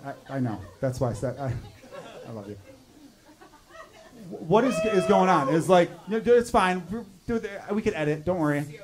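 A man in his thirties from Chicago doing stand-up crowd work in a comedy club, riffing and swearing in an animated way. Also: fairly high pitch, normal speed. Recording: live club audience laughter. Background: crowd laughing.

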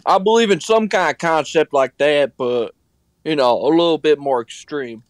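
A man's voice: a little high, normal speed, no echo. A man, talking on a phone on speaker and giving blunt, short answers as an interview guest. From Mississippi, US. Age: 30s. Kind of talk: phone call conversation.

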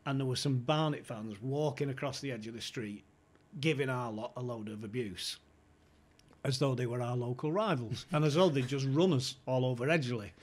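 A man, an animated storyteller who laughs between lines while chatting on a podcast. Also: mid-range voice, moderate pace. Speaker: podcast guest. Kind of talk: casual chat.

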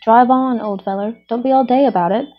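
A woman voicing a gruff, impatient male Gryphon in a storybook reading, blunt and brusque. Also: fairly high pitch, fairly quick, lightly acted. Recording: muffled lo-fi recording.

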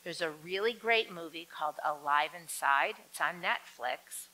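Bright-voiced woman lecturing on dementia. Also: moderate pace, poor audio. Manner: lively, acts out quoted voices with big swings in pitch. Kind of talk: live lecture to an audience.

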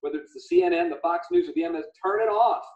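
Animated man with a gravelly, lively voice. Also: sits high, quick pace. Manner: animated, retells stories with quoted voices. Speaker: livestream host. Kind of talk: casual video call chat. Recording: echoey room, dull lo-fi audio.

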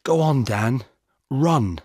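A man voicing a young female police officer, talking in clear, steady, simple phrases. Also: mid-range voice, slow, no echo, studio quality, pitched above the performer's own voice.

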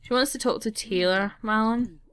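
A woman's voice: a little high, moderate pace, clean tone, no room sound. A woman giving casual, giggly let's-play commentary, often exasperated with the characters. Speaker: gaming channel host.

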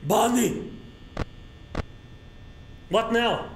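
A man's voice: very high voice, drawn-out words, a little hiss or hum. A male streamer reacting to a horror game, crude and panicky, swearing and yelping at every scare.

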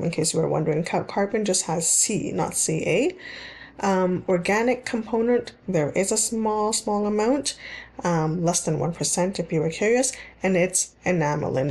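A woman's voice: fairly low pitch, darkish tone. A woman teaching dental hygiene in a recorded slide lecture, explaining in plain terms and repeating key points, with frequent ums and restarts.

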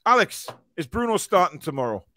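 A man's voice: high voice, sing-song, brisk, bright, forceful tone, dry recording, studio quality. A man hosting a casual fan podcast, reading out live comments and chatting, rambling with fillers and restarts. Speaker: podcast host.

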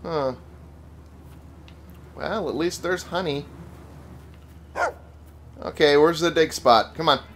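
A man's voice: fairly high pitch, slow, pauses often, a little hiss or hum. A young man casually commentating his gameplay, swearing freely and talking back to the characters with wry humor. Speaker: let's play gamer.

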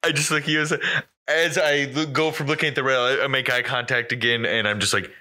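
A man with a very bright, sharp voice, speaking at a middle pitch. He plays in a tabletop game, repeatedly warning another character to turn back. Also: flat delivery, fast talker. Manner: cautious, pleading in character.

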